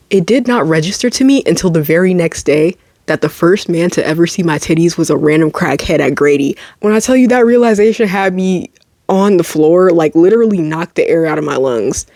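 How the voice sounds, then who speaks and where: A young adult woman vlogging, telling a personal story in a dramatic, animated way with quick asides and laughs. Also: fairly low pitch, no room sound, clean studio sound. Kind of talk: casual storytelling to camera.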